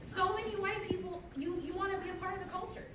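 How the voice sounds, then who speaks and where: A woman's voice: extremely high pitch, steady tone, fast talker, heavy background noise. A woman giving an accusatory speech at a rally, repeating her charges. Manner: accusatory, repetitive. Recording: echoey and distant over a loud crowd.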